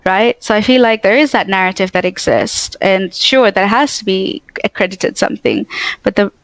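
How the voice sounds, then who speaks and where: A woman's voice: medium pitch, normal speed, dry recording, low-quality recording. A woman guest in casual conversation, talking animatedly and slipping into quoted asides with "I'm like".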